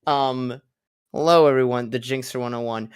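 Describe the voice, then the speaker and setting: A man's voice: medium pitch, normal speed, clean tone. A man on a cast stream reading a chat request in casual talk. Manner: relaxed, reads from chat.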